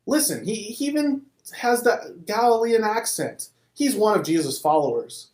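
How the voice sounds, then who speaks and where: A man's voice: fairly high pitch, sing-song, moderate pace. A man doing an insistent accusing bystander. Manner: pointed, insistent. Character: accusing male bystander in a courtyard. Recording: roomy echo.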